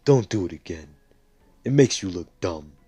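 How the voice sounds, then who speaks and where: A man's voice: low voice, animated, moderate pace, mellow, breathy edge, dry recording. A man voicing a cold, menacing young male cartel boss who makes blunt, swearing threats.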